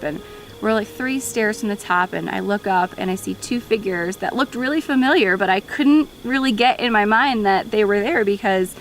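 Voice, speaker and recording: A woman's voice: mid-range voice, a bit bright, low-quality recording. A young woman speaking in a documentary interview, heartfelt and tearful, her voice wavering with emotion. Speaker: daughter of the climber.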